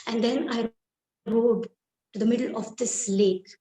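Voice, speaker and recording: A woman telling a dramatic first-person story in a slow, deliberate, expressive way. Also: on the high side. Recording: echoey room.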